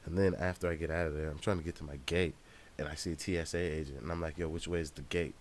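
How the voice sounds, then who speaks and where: Very deep-voiced man ranting. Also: steady tone, quick pace, slight background noise. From United States. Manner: profane, loose and ranting. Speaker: rapper vlogger. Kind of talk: casual travel vlog storytelling.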